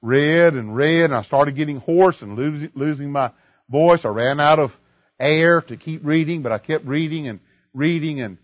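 A man preaching a sermon, telling a story and then building up to emphatic, slow lines of scripture. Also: a little high, no room sound, dull audio.

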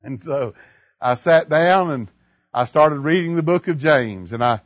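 A male preacher with a high, very animated voice that climbs and slows on the big lines. The recording is close and dry, with a dull, lo-fi tone. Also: no room sound. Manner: storytelling, then rising and slowing for emphasis on key lines. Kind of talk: sermon.

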